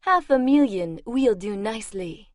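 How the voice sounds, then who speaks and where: A woman voicing an older male bounty hunter, speaking in a calm, matter-of-fact way. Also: fairly high pitch, measured pace, no echo. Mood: calm menace.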